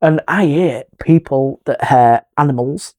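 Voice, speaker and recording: A man's voice: medium pitch, measured pace. A middle-aged man, a paranormal investigator, telling a ghost story in casual chat and acting out the voices in it. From England. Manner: animated, acts out quoted voices, drops to a hush.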